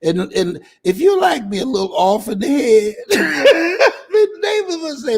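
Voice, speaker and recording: A man's voice: extremely high pitch, very animated, unhurried. An older man giving a live motivational speech, emphatic and preacher-like, repeating phrases and breaking into hearty laughs. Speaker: motivational speaker.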